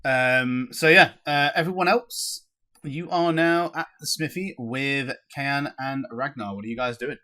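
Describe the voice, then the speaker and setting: A man's voice: medium pitch, measured pace, bright, forceful tone. A man narrating a tabletop game as dungeon master, casual and profane.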